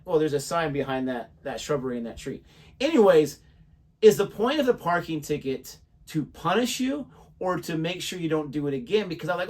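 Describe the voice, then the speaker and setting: A man's voice: fairly high pitch, fast talker, distant mic. A young American man, co-host of a reaction channel, telling a story in casual chat and acting out the voices of the people in it. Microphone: desk microphone.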